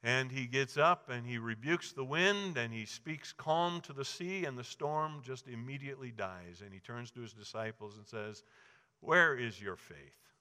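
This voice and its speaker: A man's voice: mid-range voice, moderate pace, few pauses, bright, forceful tone, smooth. A man preaching a sermon, telling Bible stories and acting out the quoted lines with rising emphasis. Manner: storytelling, acts out quoted voices with rising emphasis. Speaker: pastor. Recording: long hall reverb.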